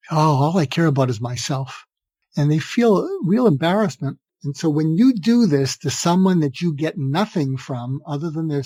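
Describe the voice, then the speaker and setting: A man's voice: a little high, no room sound. Storytelling older man, dry close sound. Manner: animated anecdotes, acting out quoted dialogue. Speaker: guest, psychiatrist. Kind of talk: podcast interview storytelling.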